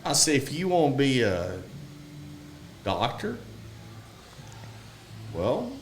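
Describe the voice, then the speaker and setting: A man in his forties in casual podcast chat, telling a folksy story and acting out the dialogue with animated pitch jumps. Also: slow pace, a little hiss or hum. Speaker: podcast guest, construction expert.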